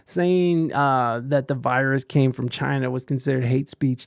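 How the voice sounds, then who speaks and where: A man's voice: medium pitch, steady tone, unhurried, gravelly, no echo. A man hosting a podcast, rambling through casual commentary with stumbling restarts and crude jokes. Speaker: podcast host reading chat.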